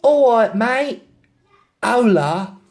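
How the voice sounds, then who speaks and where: A man putting on a shrill London girl. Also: lively intonation, very slow, a little mellow, heavily acted. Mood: cheery. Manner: high, shrill, nosy and gossipy. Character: brash young London woman tourist, loud and chatty.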